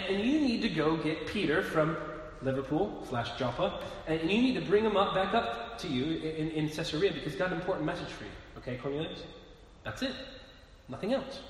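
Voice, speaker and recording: A man preaching a sermon in a conversational way, asking rhetorical questions and often restarting his words, in a church hall. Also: fairly high pitch. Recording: echoey hall with long reverb, faint noise.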